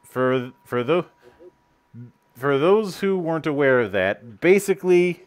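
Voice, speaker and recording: A man's voice: on the high side, expressive, measured pace. A man hosting a casual podcast chat, rambling and often restarting his sentences with stammered repeats. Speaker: host.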